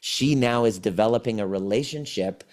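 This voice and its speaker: Man, fairly low voice, podcast guest, healing coach, animated storyteller, acts out dialogue. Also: normal speed. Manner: animated, acts out the client's replies. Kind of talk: conversational storytelling.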